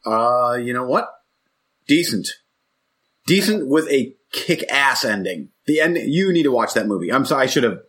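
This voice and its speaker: A man's voice: medium pitch, lively intonation, moderate pace, a bit bright, husky. A man co-hosting a casual chat about movies, rambling and restarting his sentences and laughing often. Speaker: podcast co-host.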